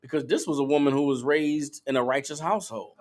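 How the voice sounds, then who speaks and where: A man's voice: fairly high pitch, steady tone, a little fast. A man teaching scripture, emphatic and profane, checking in with his listeners. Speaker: Bible teacher. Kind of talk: call-and-response scripture teaching.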